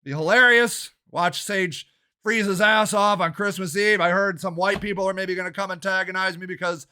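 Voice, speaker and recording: An older man, a local activist and council candidate, ranting angrily and swearing in a shouting monologue. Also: high voice, steady tone, clear, resonant tone. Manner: shouting, swearing, fast and agitated. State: angry and worked up.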